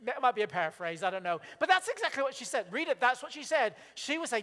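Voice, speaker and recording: A man's voice: extremely high pitch, big pitch swings, fairly quick, a bit bright. A man preaches to his congregation in an easy, chatty way. He keeps asking them questions and acting out little quotes. His voice rings with the long reverb of a church hall. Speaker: pastor. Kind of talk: sermon.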